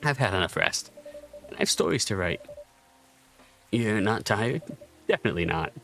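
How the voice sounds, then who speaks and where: A wry woman writer with a dry, self-deprecating manner, read by a male streamer. The voice is low and gravelly, with lively rise and fall, over faint music. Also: moderate pace, exaggerated voice.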